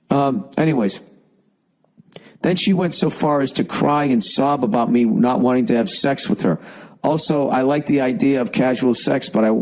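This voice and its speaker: Man, podcast host, boston accent, blunt and profane, rambling asides, middle-pitched voice. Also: a little mellow, rough recording. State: fighting a cough. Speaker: podcast host reading listener emails. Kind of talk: casual comedic advice rant.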